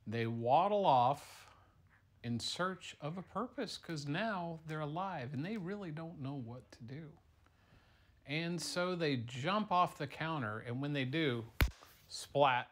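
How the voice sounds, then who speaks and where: A man improvising a playful story for a child, moving from hushed tones to excited bursts. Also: fairly high pitch, a little slow.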